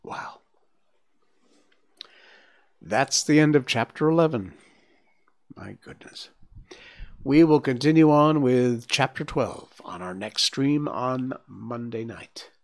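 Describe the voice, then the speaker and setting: A man with an everyday mid-range voice reads a storybook aloud on his live stream. His narration is gentle and measured. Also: mid-range voice, expressive. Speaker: livestream host reading a book aloud.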